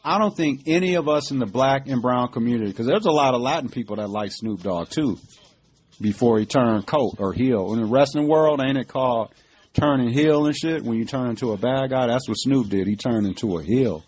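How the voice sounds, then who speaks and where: A man's voice: medium pitch, fairly quick, a little mellow, slightly rough. A middle-aged man hosting a podcast, giving casual political commentary in an emphatic, profane, conversational way, with many fillers like "you know what I mean". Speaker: podcast host.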